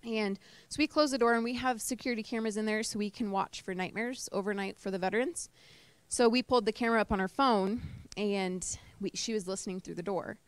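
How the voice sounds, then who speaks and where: A woman's voice: mid-range voice, steady tone, brisk, clear, resonant tone, dry recording. Woman giving a casual talk to a small crowd, chatty, lots of ums, dry close sound. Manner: chatty, emotional, with fillers and laughter. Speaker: service dog trainer giving a talk. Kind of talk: informal presentation to a live group. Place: indoor talk to a small audience.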